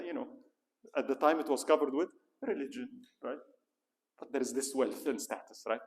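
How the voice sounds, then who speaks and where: A man teaching a history lecture in a mosque hall, telling the story vividly, acting out quoted speeches and asking the audience rhetorical questions. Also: mid-range voice. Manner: animated storytelling, acts out quoted speeches in a raised dramatic voice.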